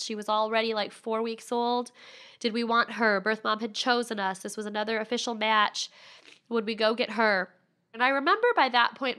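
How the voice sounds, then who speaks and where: A woman's voice: on the high side, fairly bright tone. A woman in her thirties, a podcast guest candidly telling a personal story.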